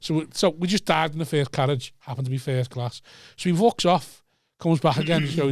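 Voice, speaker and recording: A young man, telling a sweary, animated story in casual podcast chat. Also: fairly high pitch, a little fast, no echo, clean studio sound. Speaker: podcast co-host.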